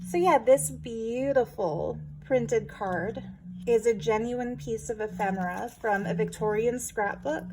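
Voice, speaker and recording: Crafty woman narrating her journal flip-through, chatty and self-teasing, a touch high, hissy noisy recording. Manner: chatty, with playful self-aware asides. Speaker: junk journal crafter showing her work. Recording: noticeable background noise.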